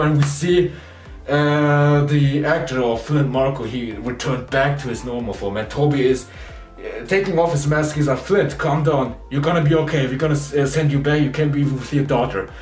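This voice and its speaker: Excited man reviewing a movie. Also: fairly high pitch. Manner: excited, retells scenes acting out quotes. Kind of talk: casual spoiler review. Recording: echoey room, distant mic, faint music.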